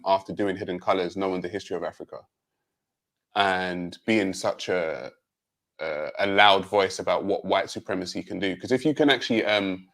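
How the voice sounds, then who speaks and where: A man with a British accent, giving a measured, pointed rebuttal on a livestream panel, with many um fillers. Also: low voice. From Jamaica. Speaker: panel guest.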